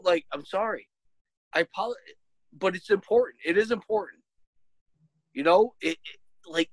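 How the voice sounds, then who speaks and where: A man co-hosting a podcast in casual chat, stammering through restarts and swearing, with loud bursts of laughter. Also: high-pitched, vocal fry, no echo, rough recording. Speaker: podcast co-host.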